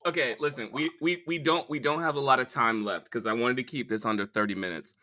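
A man's voice: mid-range voice, fast, bright, forceful tone. A man hosting a podcast, chatting casually in a rambling, jokey way with many fillers. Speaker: podcast host. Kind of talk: casual chat.

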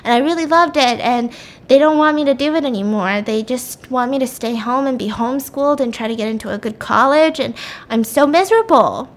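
A woman voicing a sweet, homesick teenage boy in an earnest, gentle way while she retells a story. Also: high-pitched, brisk, natural voice.

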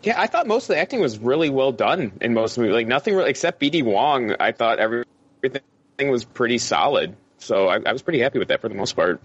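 Male podcast guest, mid pitch, easygoing, slightly muffled audio. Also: big pitch swings, fast talker, husky. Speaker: first-time podcast guest. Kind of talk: casual movie discussion. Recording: slightly dull lo-fi sound.

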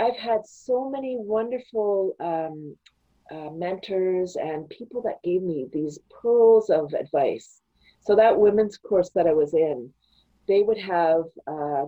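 A woman guest on a podcast, chatting casually and telling animated stories, often breaking into laughter. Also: lowish voice, narrow, tinny audio. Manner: animated storytelling with frequent laughs. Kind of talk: casual interview chat.

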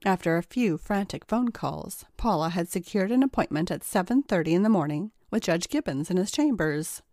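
This is scripted narration from a female audiobook narrator who tells the story steadily and evenly. Her pitch is fairly low and her pace moderate, captured in a dry, studio-quality recording.

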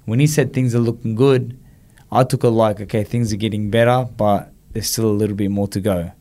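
A man recounts a personal story as an interview guest. His voice sits a little low, and he brings his story to life by acting out what people said. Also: a little fast. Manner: animated storyteller, acts out quoted dialogue. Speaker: guest, former boxer.

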